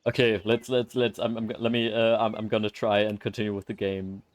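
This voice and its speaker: A man's voice: fairly low pitch, flat delivery, fairly quick. A young man, streaming a game and chatting loosely with his viewers, rambling and swearing as he goes. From Germany. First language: German. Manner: rambling, loose, swears and laughs, talks to chat. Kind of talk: casual live-stream chat while playing.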